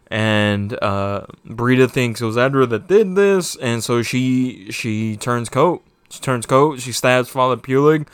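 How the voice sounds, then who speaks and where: Slow-talking man reviewing a show, dry. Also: medium pitch, fairly bright tone, clean tone, no echo. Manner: rambling, swears often, heated. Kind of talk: casual spoken TV review.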